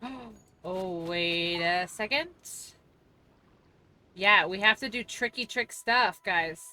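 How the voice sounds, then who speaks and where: A woman's voice: lowish voice, slow, sharp tone, a little hiss or hum. A young woman streaming a game, chatting loosely with her viewers and rambling with easy laughter. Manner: chatty, rambling and laughing, reads chat aloud. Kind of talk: casual live-stream chat while gaming. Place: at home.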